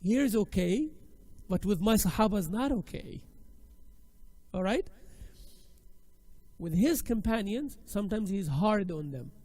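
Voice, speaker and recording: A man teaching a class in a lively, conversational way, acting out examples as he goes. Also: high voice, unhurried, long pauses, no echo. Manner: animated and conversational, acts out examples. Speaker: Islamic studies teacher. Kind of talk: classroom lecture.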